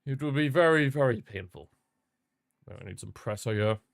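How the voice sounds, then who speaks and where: A young man hosting a live football watchalong, chatting casually and repeating himself, with sudden bursts of excitement. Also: mid-range voice, normal speed, vocal fry, no room sound, clean studio sound. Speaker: watchalong host. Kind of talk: casual live match commentary.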